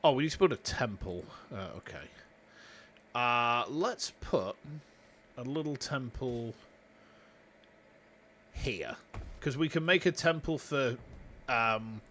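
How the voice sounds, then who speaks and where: Bright, lively Yorkshire man streaming. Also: medium pitch, measured pace, long pauses, slight background noise. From Yorkshire, England. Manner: chatty, rambling, talks to chat. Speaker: VTuber streamer. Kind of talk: casual live game commentary.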